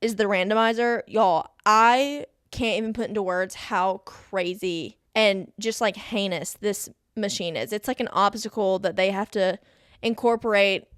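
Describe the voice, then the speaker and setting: A woman's voice: mid-range voice, a little slow, a bit bright, smooth, dry recording, studio quality. A young woman hosting a casual solo podcast, bubbly and gushing, peppering her talk with "y'all" and "like.". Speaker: podcast host.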